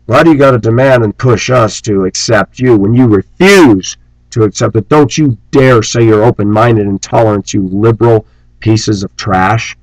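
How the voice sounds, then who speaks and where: Deep-ish guy ranting on his vlog, preachy and scornful, dry sound. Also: moderate pace, no room sound, low-quality recording. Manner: mocks opponents in shrill put-on voices. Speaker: vlogger. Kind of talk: angry political rant.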